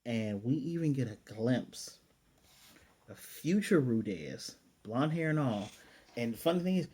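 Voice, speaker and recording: A man with a mellow, warm voice talks through an anime episode in a relaxed, chatty way. His delivery is animated, and he often corrects himself and trails into fillers as he goes. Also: mid-range voice, measured pace, slightly rough. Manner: animated retelling, often paraphrasing the characters' lines; chatty and loose, with frequent fillers and self-corrections. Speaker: anime reviewer. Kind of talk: casual episode recap.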